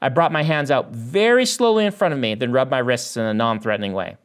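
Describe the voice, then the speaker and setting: Animated man reading his own novel. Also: mid-range voice, a little fast, smooth. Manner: animated reading that lifts the voice for dialogue. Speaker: author.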